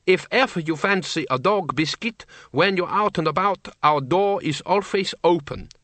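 A bossy middle-aged woman playing at vampire countess, voiced by a man in a raised, bright voice. She puts on genteel airs but turns snappish. The sound is close and dry. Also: high-pitched, moderate pace, dry recording, pitched above the performer's own voice. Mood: haughty.

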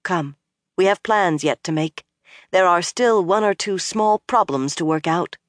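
An audiobook narrator voicing a stern young woman who gives orders briskly and firmly. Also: medium pitch, dry recording, studio quality, pitched above the performer's own voice, lightly acted. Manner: brisk and firm.

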